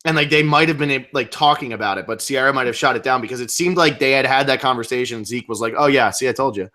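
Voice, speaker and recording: Young man, bright tone, casual podcast chat, rambling with fillers. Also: mid-range voice. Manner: quick, rambling, lots of fillers and restarts. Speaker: co-host of a reality show podcast. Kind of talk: casual live-stream chat.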